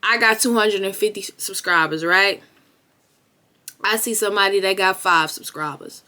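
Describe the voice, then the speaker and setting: A young woman vlogger giving a blunt, profane motivational talk straight to the camera, with emphatic, animated delivery that rises to loud bursts. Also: medium pitch, moderate pace.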